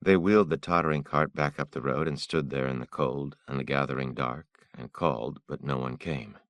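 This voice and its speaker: A man narrating an audiobook in a measured, somber manner. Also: extremely low pitch, steady tone, a bit bright, no room sound.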